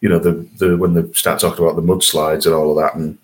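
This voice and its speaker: A man's voice: deep voice, flat delivery, fast. A man co-hosting a podcast in casual chat, jokey and self-deprecating. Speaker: podcast co-host.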